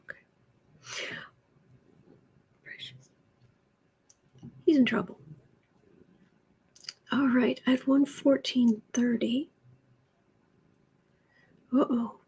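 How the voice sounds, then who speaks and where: A woman hosting a casual tarot livestream at home, chatting slowly and often slipping into soft, whispered baby talk. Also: fairly high pitch, steady tone, creaky, slightly rough. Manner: slow, chatty asides. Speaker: tarot reader and livestream host.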